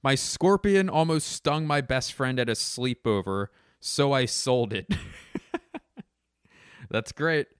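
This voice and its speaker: A man's voice: mid-range voice, very animated, unhurried, hardly any pauses, clean tone, no room sound, studio quality. A man talking casually and comically, rambling, swearing and cutting himself off mid-thought. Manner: rambling, profane, self-interrupting. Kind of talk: casual comedic commentary.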